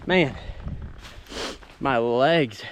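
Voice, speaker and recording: A man from the American South, vlogging on a backpacking trip, out of breath and chatty, thinking aloud outdoors with a handheld camera. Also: mid-range voice. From Arkansas. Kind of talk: casual outdoor vlog narration. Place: outdoors by a waterfall in the woods. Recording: rushing water noise behind.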